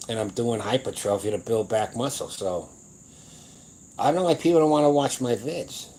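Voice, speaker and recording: A man's voice: mid-range voice, normal speed, a little mellow, slight background noise, low-quality recording. A man in his seventies hosting his own powerlifting channel, talking in a blunt, rambling, profane and boastful way in a casual livestream chat. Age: 70s.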